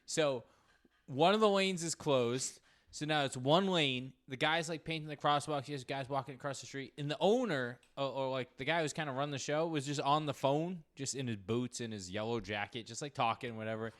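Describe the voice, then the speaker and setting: A man, co-hosting a podcast, telling a story in a casual, lively way over a remote call. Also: mid-range voice, normal speed. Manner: animated, shouts quoted lines when retelling. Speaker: podcast co-host.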